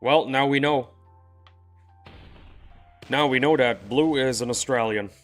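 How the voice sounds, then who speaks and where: A man's voice: mid-range voice, unhurried, faint music behind. A man livestreaming a game, chatting casually with his viewers in a playful, rambling, teasing way. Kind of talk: casual chat with live viewers.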